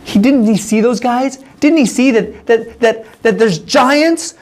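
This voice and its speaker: A man's voice: high voice, expressive, normal speed, voice pushed up. A man doing a panicky, stammering spy. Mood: fearful. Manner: breathless, anxious, stammering. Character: frightened grown-up Israelite spy, panicky and whiny.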